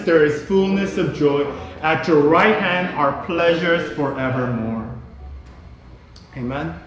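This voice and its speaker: A middle-aged male pastor preaching a sermon in a church, emphatic and repetitive, at times rising to shouts. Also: fairly high pitch, slight background noise. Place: church sanctuary. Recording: very echoey hall.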